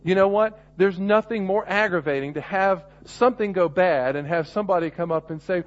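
A man's voice: sits high, fairly quick, few pauses, a little hiss or hum. A middle-aged man preaching a sermon, earnest and restarting often as he builds to emphatic points. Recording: muffled lo-fi recording.

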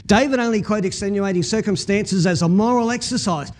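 A man preaching a sermon, telling a Bible story with lively acted-out scenes and talking with the congregation. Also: high voice, fairly quick. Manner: animated storytelling, acting out scenes.

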